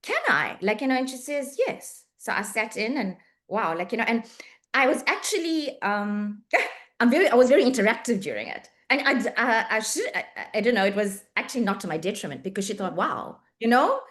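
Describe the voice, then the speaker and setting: A woman's voice: on the high side, brisk. A middle-aged physiotherapist with a South African accent tells a story in an interview. She acts out the dialogue and often restarts her sentences. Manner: lively anecdotal, acts out quoted dialogue, frequent restarts. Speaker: physiotherapist and medico-legal report writer.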